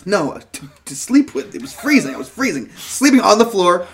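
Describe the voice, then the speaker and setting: A man's voice: high voice, very animated, moderate pace, gravelly. A young man telling a rambling, profane story on a casual podcast. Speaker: podcast co-host.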